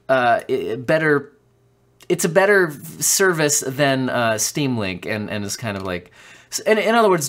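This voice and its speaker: A man with a head cold talks through tech news in a casual, chatty way, often stopping with ums and restarting his sentences. His pitch moves around a lot as he talks. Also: fairly bright tone. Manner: chatty, with many ums and self-corrections. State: has a cold. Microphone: studio condenser mic.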